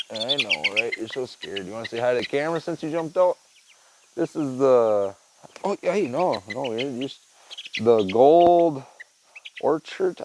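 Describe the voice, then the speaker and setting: A young man casually vlogs in a rural backyard, speaking into a handheld phone camera in a relaxed, rambling way packed with fillers. His mid-range voice is a little mellow, with lively intonation and a moderate pace. There's slight background noise.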